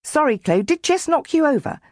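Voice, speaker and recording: A woman's voice: sits high, sing-song, moderate pace, a little mellow, no room sound, studio quality, voice pushed up. A woman voicing an offhand, cheerful older brother in a storybook. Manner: breezy, shrugging.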